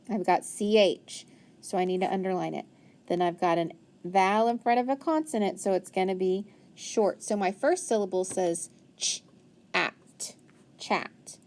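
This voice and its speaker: In a medium-pitched, slightly mellow voice, a woman teaches a phonics lesson from a worksheet. She patiently sounds out words and offers frequent praise.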